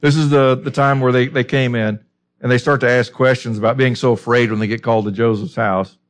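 A man's voice: mid-range voice, steady tone, a little fast. A man preaching an expository sermon in a conversational way, often asking rhetorical questions.

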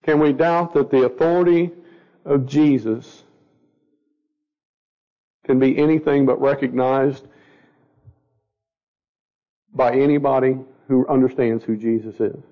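A man's voice: medium pitch, steady tone, measured pace, long pauses, big-room sound. A man teaching a Bible study to a group, asking them questions as he goes and stumbling over words. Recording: dull lo-fi recording.

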